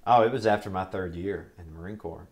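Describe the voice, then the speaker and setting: A young man, a Marine veteran, telling his service stories in an oral history interview in a relaxed, rambling way. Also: low-pitched, fast talker.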